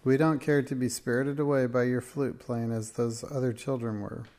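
A man doing a sensible storybook girl who scolds in a prim, reproving way. The voice is raised and fairly loud. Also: medium pitch, steady tone, normal speed, natural voice.

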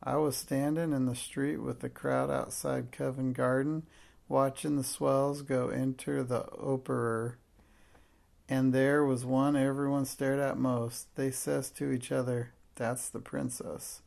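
A man's voice: mid-range voice, flat delivery, measured pace, gravelly, darkish tone. A man voicing a timid young cockney servant girl who stammers breathlessly and humbly in a storybook reading. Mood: wistful. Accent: Cockney London.

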